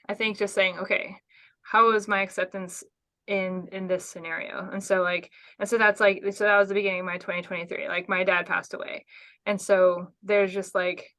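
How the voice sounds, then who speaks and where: A woman co-hosts a podcast and thinks aloud in a halting, reflective way. She pauses often and uses fillers. Her voice sits at a middle pitch. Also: pushed and bright. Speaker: podcast host. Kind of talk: casual podcast interview.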